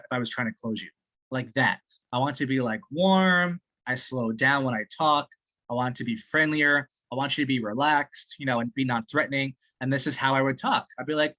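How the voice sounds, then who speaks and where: An excitable man gives feedback over a video call, swearing freely and breaking into laughs. His voice is bright and forceful, and he gets carried away as he talks. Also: mid-range voice, brisk. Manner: excitable, swears often, laughs while talking. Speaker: sales training partner giving feedback. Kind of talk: casual call chat.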